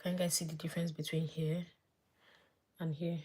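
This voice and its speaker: Woman vlogger, low voice, husky, chatty live makeup tutorial with soft asides. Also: little pitch movement, moderate pace. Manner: chatty, thinks aloud, drops to soft murmurs while applying makeup. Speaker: beauty vlogger.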